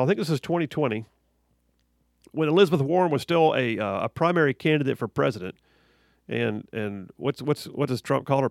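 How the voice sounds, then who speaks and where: A talk radio host delivers an opinionated monologue into a studio microphone, arguing emphatically with rhetorical questions and frequent restarts. His voice is mid-range and gravelly, and the recording is dry.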